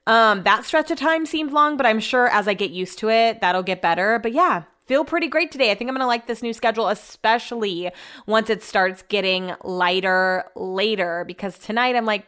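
A woman's voice: mid-range voice, brisk, fairly bright tone. A young adult woman talking casually in a rambling, upbeat vlog, with a lot of "like" in her speech. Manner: rambling, upbeat, chatty with lots of "like". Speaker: vlogger.

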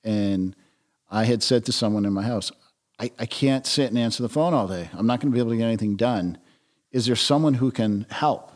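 A man as a podcast guest, talking reflectively with frequent restarts and soft trailing phrases. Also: mid-range voice, brisk. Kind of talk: conversational interview.

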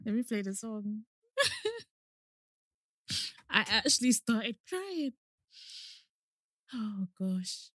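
A young woman co-hosting a casual chat podcast, animated, repeating herself and acting out quotes. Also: fairly high pitch, drawn-out words, pauses often, no echo, studio quality. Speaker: podcast co-host.

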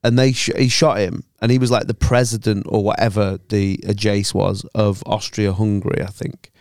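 A man's voice: fairly low pitch, little pitch movement, moderate pace, a little mellow, clean tone, dry recording, clean studio sound. A man co-hosting a podcast, swearing freely and spinning a rambling story. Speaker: podcast co-host. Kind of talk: casual banter.

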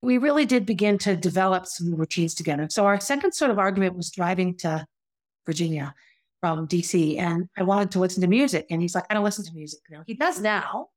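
A woman's voice: lowish voice, lively intonation, brisk. A woman telling her own story in a candid, conversational way, reflective and confessional, often restarting her sentences. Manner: conversational, with frequent restarts and asides.

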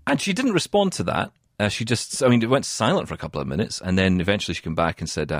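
A man from the UK co-hosting a podcast in casual chat, telling a story in an animated way and often laughing. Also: medium pitch, quick pace, few pauses, no echo, clean studio sound. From United Kingdom. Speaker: podcast co-host.

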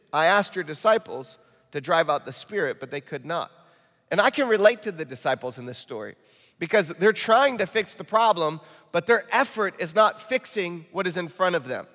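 A male pastor from Michigan with a Midwestern accent, preaching a lively, joking sermon in a church. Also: sits high. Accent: Midwestern American. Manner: animated, jokey storytelling preacher. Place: church auditorium. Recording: reverberant church hall.

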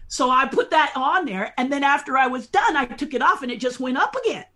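Animated storytelling woman, higher voice. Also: a little fast. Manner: animated, laughs often, lively anecdotes. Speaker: podcast guest, puppeteer. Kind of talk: storytelling chat.

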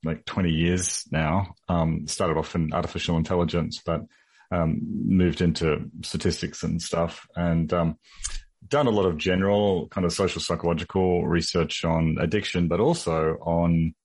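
Australian man, very low voice, laid-back academic guest. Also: level tone, moderate pace, darkish tone. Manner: laid-back, many ums. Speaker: psychology professor, guest. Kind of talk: conversational interview.

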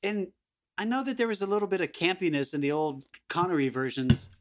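A man's voice: high voice, brisk, background noise. A man co-hosting a film podcast who talks thoughtfully, hedging his points and laughing often. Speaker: podcast co-host. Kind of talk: casual film discussion.

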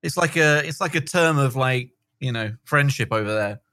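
A middle-aged man talking easily as a podcast guest, with many fillers and pauses. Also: medium pitch, pushed and bright, no echo, studio quality. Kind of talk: casual podcast interview.

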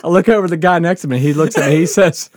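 Speaking rapid-fire in a slightly high voice, a man tells a rowdy story on his podcast. He's animated, laughs a lot, and swears without restraint in this casual storytelling.

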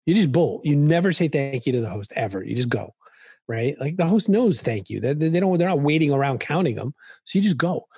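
A man speaking as a podcast guest in a casual conversation, telling stories with quick, animated asides. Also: medium pitch, vocal fry, breathy edge, dry recording, clean studio sound.

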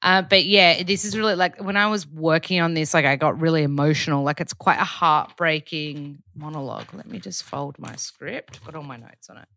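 A woman with a naturally very low register, hosting a podcast in a chatty, rambling diary-style check-in full of fillers. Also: normal speed, vocal fry, few pauses, bright, forceful tone, no echo, clean studio sound. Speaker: podcast host. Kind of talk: casual diary-style chat.

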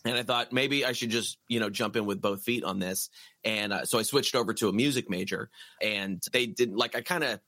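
A man's voice: fairly low pitch, brisk, bright, forceful tone, no echo. A middle-aged man, a musician, telling a long story in a casual interview, acting out quotes and laughing often.

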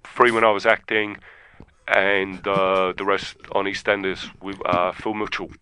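A man's voice: sits low, flat delivery, unhurried, pushed and bright, clear, resonant tone. A man doing a slangy tough guy. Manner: slangy, blunt, mumbling. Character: cocky young male London tough guy. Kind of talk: improvised comedy.

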